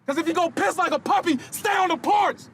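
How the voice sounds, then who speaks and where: A man giving a fired-up, profane motivational speech to his football team, shouting much of it. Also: very high voice, brisk, slight background noise. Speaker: football player addressing team. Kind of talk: locker-room motivational speech.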